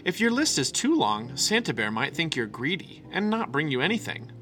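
A man's voice: fairly high pitch, sing-song, moderate pace, bright, forceful tone, voice pushed up. A man voicing a knowing older boy bear cub in a storybook reading. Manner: knowing, matter-of-fact.

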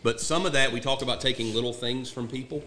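A man's voice: mid-range voice, quick pace, sharp tone, a little hiss or hum. A middle-aged man, a retired Marine platoon sergeant, telling war stories in a blunt, profane, candid way. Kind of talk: casual war storytelling. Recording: echoey room.

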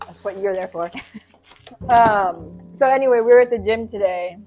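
A woman's voice: mid-range voice, moderate pace, warm tone. A young woman co-hosting a podcast, chatting casually and teasing her friend with frequent laughs. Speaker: podcast co-host. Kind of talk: casual chat.

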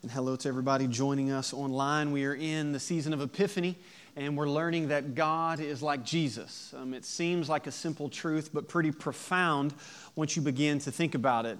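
Man, pastor, sermon, animated storytelling, laughs a lot, fairly high voice. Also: brisk. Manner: lively storytelling, laughs often, acts out voices.

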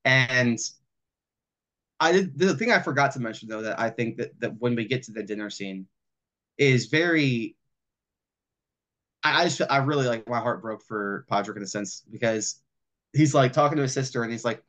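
A man co-hosting a casual podcast, retelling film scenes in a loose, animated way, full of "like" and casual swearing. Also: medium pitch, moderate pace, pauses often. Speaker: podcast co-host. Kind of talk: casual film discussion chat.

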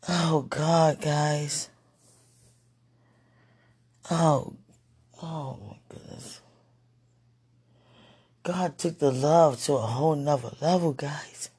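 A man recording an emotional late-night vlog, overwhelmed and near tears, pleading and sighing in breathy whispers. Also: on the high side, steady tone, extremely slow, pauses often, darkish tone. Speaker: vlogger.

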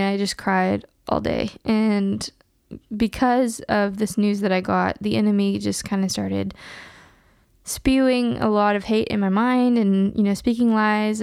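A young woman talks candidly into the mic, earnest and open, laughing between quick asides. Her voice carries a gravelly fry at the ends of phrases, and the sound is dry and close with no room around it. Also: mid-range voice, a little mellow, no echo. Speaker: podcast host. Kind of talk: casual chat.

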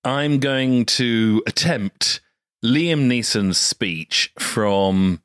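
A man's voice: mid-range voice, drawn-out words, fairly bright tone, smooth, no room sound, clean studio sound. A man hosting a podcast, chatting casually, often hesitant and laughing. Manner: hesitant, frequent fillers and restarts, laughs often. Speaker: podcast host.

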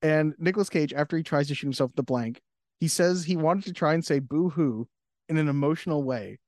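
A man's voice: on the high side, fairly quick, a little mellow, no echo, studio quality. A man co-hosting a podcast in casual chat, laughing often and acting out quotes. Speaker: podcast co-host.

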